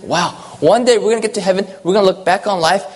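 A man's voice: high-pitched, fast. A man preaching a sermon, earnest and personal, often checking in with his listeners by asking "okay?".

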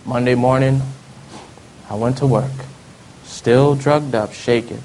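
A man telling a personal testimony in an earnest storytelling way, often dropping to soft low tones. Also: fairly even intonation, slow, slight background noise. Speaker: speaker giving testimony.

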